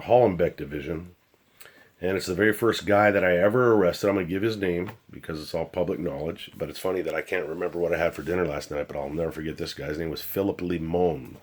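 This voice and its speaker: Husky low-voiced older man, blunt and profane. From United States. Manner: blunt, profane, animated storyteller. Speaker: retired police officer telling stories. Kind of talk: casual storytelling.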